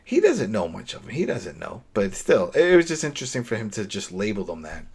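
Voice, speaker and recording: Animated low-voiced man recapping. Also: a little fast, slightly rough. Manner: animated, laughing, retelling scenes with rhetorical questions. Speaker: podcast co-host. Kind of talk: casual episode recap chat.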